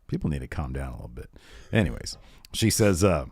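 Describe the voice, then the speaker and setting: A man co-hosting a casual wrestling recap, animated, acting out wrestlers' lines and laughing often. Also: very deep voice, fairly quick, husky, dry recording, studio quality. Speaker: podcast co-host.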